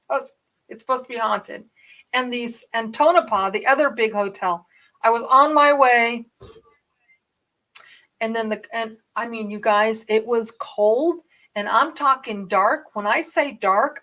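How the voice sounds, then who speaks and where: Excitable rambling woman vlogger. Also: a little high. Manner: rambling, excitable, swings between hushed and loud. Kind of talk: casual storytelling to camera.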